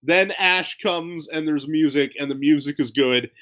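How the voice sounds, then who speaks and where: Excitable guy in his 20s joking around on a podcast, kinda high voice, laughs a lot. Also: measured pace. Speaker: podcast co-host. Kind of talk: casual chat.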